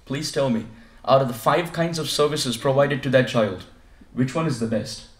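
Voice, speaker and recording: A man preaching at a home devotional gathering, telling a story with lively storytelling and acting out passers-by. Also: mid-range voice, moderate pace, reverberant. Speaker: visiting preacher. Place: living room of a home gathering.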